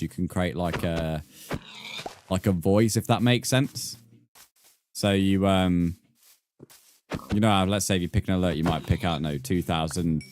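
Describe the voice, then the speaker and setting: A man's voice: sits low, darkish tone, slight background noise. A man chatting casually with viewers while streaming a game, rambling and full of crude jokes. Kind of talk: casual live-stream chat while gaming.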